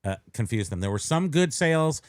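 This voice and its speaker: A man chatting casually as a podcast co-host, his voice at an everyday middle pitch. He rambles, trips over his words and restarts, dropping jokes along the way. The sound is close and dry, with no room around it. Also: big pitch swings, a little fast, no echo. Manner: rambling, self-correcting, joking. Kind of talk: casual chat.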